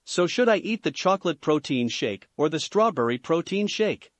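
Guy doing a pumped-up young fighter, earnest, bouncy pitch. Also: normal speed, no echo. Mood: musing. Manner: enthusiastic, excitable. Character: eager muscular young male fighter, loud and earnest.

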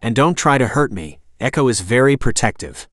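A man voicing a tough retired male navy SEAL who gives calm, clipped orders. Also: mid-range voice, moderate pace, no room sound, studio quality.

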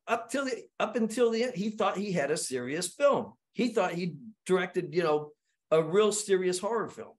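A man, a guest screenwriter, telling stories in casual podcast talk, animated and full of repeated words and acted-out quotes. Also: fairly high pitch.

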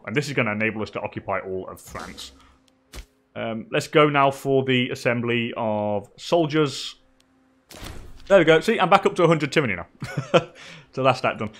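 An English man giving relaxed live commentary on a strategy game, chatting with viewers and laughing often. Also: medium pitch. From England. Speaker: streamer.

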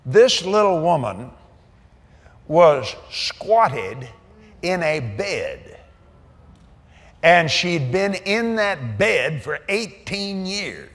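A man's voice: fairly high pitch, big pitch swings, extremely slow, long pauses, a bit bright. An older man preaching, telling a story with laughter and folksy asides. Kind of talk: sermon storytelling. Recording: echoey hall reverb.

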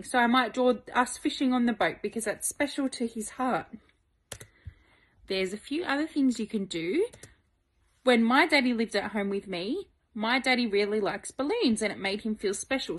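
Woman, somewhat high voice, slow gentle delivery for young kids. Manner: slow, gentle, simple words for small children. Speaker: presenter of a children's lesson. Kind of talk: talking to young children.

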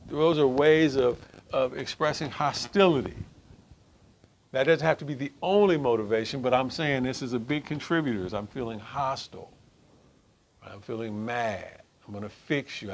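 A man's voice: medium pitch, a little hiss or hum. Emphatic man leading a group talk. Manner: emphatic, keeps asking "right?". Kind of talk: informal group talk on relationships.

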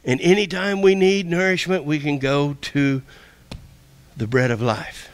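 A pastor giving a sermon, reading verses aloud and explaining them in plain, earnest words. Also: male voice, fairly even intonation, unhurried. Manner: plain-spoken, rising in pitch as he preaches, with restarts.

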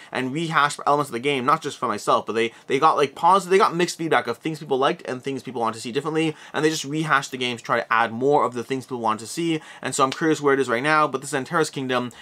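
A man's voice: on the high side, pushed and bright. A man hosting a board game roundup in a casual, rambling way, often restarting and correcting himself. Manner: rambling, self-correcting, chatty with asides. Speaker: board game channel host.

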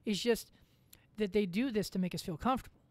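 A woman's voice: medium pitch, fast, darkish tone, dry recording. A woman as a podcast guest in casual chat, rambling through a story with lots of fillers and casual swearing.

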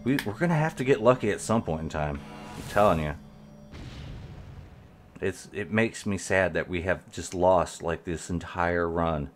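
A man's voice: low-pitched, measured pace, a little hiss or hum. A man giving rambling live gameplay commentary as a streamer, talking to his viewers while he plays. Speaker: game streamer.

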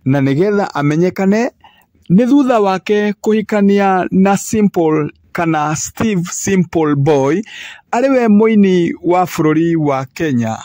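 A man reading a scripted news report at a measured, steady pace. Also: high voice, no echo. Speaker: news presenter.

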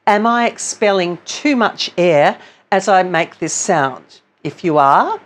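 A woman's voice: on the low side, lively intonation, slow. A woman vocal coach giving a singing lesson, explaining technique patiently and step by step. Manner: patient, explanatory, demonstrates sounds between explanations.

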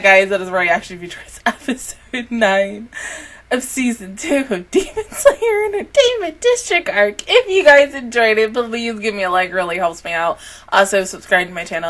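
A woman's voice: mid-range voice, sharp tone. A young woman hosting an anime reaction channel, talking casually and emotionally, swearing often as she reacts.

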